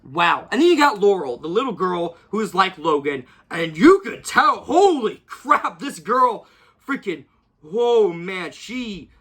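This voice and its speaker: Bright-voiced young man gushing over a film. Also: sits high. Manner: rambling and effusive, gushing with many fillers. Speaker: movie reviewer. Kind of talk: casual film review.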